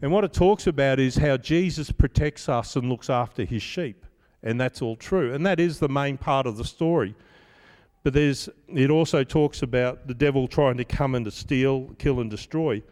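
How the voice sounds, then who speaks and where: A man's voice: medium pitch, normal speed, a little mellow, long reverb tail. A man giving a conversational sermon as pastor, telling stories with self-deprecating humor.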